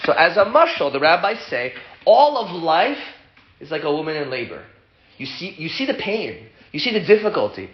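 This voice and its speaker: A man's voice: a little high, very animated, moderate pace. A man teaching a casual Torah class to students, playful and chatty as he explains ideas and answers questions. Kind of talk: informal Torah lesson with questions. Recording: dull lo-fi sound with loud hiss.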